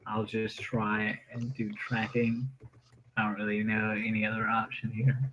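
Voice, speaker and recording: A man's voice: lowish voice, completely flat delivery, unhurried, fairly bright tone, slight background noise. A man playing in a tabletop game, chatting casually and making wry jokes. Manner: wry, joking. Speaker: player. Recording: muffled lo-fi call audio.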